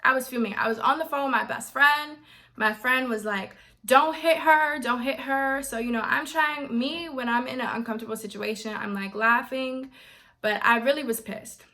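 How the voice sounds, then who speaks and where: A young adult woman vlogger telling a story in a casual, animated way and acting out what others said. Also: fairly high pitch, normal speed. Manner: animated, quotes others in voices.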